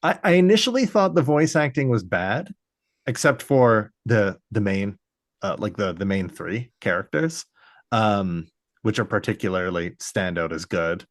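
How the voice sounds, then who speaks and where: A podcast co-host with a lowish voice and lively intonation talks a little slowly in casual chat, rambling with many fillers and restarts. The recording is dry and studio quality.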